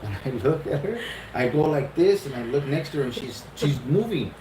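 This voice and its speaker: A middle-aged man casually telling a long, funny story, swearing freely and jumping up in pitch for retold lines. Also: a little fast, slight background noise. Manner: animated, profane, laughing often, jumps into high-pitched retellings. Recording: roomy echo.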